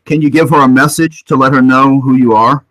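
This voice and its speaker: A man hosting a paranormal livestream who talks excitedly, repeats himself and questions the spirits. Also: mid-range voice, brisk, no room sound, rough recording. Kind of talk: live stream commentary during spirit session. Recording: loud background noise.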